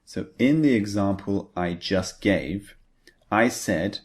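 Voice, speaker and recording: A man with a very deep voice teaches an English lesson. He takes his time, pacing each explanation and example sentence slowly and deliberately. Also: darkish tone. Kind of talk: scripted language lesson.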